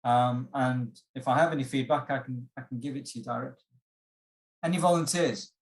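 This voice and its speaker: A workshop instructor on a video call, teaching an English test-prep session in a patient, inviting, slow and measured way. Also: medium pitch, fairly even intonation.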